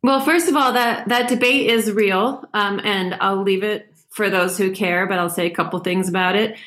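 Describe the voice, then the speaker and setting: A woman being interviewed, talking in a relaxed, chatty way and laughing often. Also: mid-range voice, moderate pace. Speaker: podcast guest, ski mountaineer. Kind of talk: casual interview chat.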